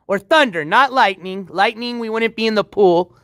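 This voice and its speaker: A man with a high voice chats loosely to his livestream viewers from beside a backyard pool at night. He rambles in an easygoing way and chuckles often. The sound is dry and close, picked up on a handheld phone. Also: moderate pace, pushed and bright, no room sound. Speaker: livestream host. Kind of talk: casual livestream chat.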